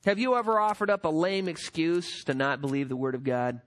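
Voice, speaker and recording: A man's voice: a little high, a little fast. A man preaching a sermon as pastor, emphatic and full of rhetorical questions.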